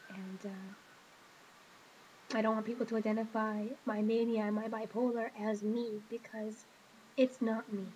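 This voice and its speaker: A woman talks into her webcam at home in a confessional vlog, her voice flat and even in pitch. She is hesitant and emotional, with many pauses and fillers, and there is faint noise under her. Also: muffled recording. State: emotional, hurting. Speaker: vlogger.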